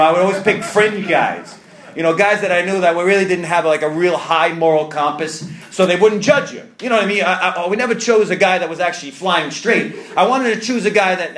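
Fairly quick and fairly bright, a man with a higher voice tells his personal story to a live audience at a meeting. He uses self-mocking humor and takes on other people's voices, with the sound bouncing around an echoey room.

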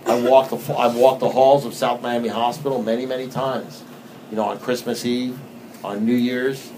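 A man's voice: mid-range voice, little pitch movement, normal speed, a little mellow, slight background noise, low-quality recording. A man telling stories to an audience in a loose, conversational way, often asking "you know what I mean" and repeating lines when he reads aloud. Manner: reads book passages aloud with repetition. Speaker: speaker sharing recovery experience. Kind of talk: storytelling talk to an audience.

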